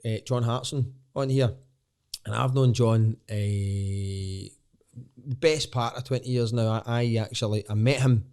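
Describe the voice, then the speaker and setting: A Scottish man in his thirties, a stand-up comedian guesting on a podcast, telling lively anecdotes with casual swearing. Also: medium pitch, measured pace, clear, resonant tone. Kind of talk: casual storytelling chat.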